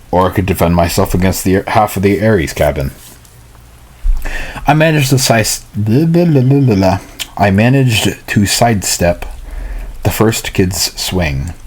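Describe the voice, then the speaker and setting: A man reads a novel aloud at home, and his voice sits low and husky. He reads in a halting way, stumbling and going back over whole lines before he carries on. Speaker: hobby reader. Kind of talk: reading a novel aloud, with casual asides.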